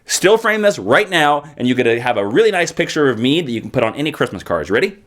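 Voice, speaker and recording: Animated, joking male comic reviewer. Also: medium pitch. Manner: animated, joking, quick asides. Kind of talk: casual review vlog.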